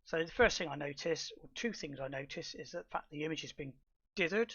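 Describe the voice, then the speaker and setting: Middle-aged guy walking thru a software tutorial, husky raspy voice, kinda muffled mic. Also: on the high side, brisk. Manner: relaxed step-by-step explaining with fillers and restarts. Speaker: astrophotography tutor. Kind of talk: screen-recorded software tutorial.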